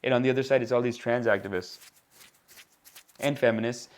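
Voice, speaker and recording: A man's voice: mid-range voice, steady tone, fairly quick. A young adult man who grew up in India, hosting a comedy podcast in a rambling, slangy monologue full of repeated asides.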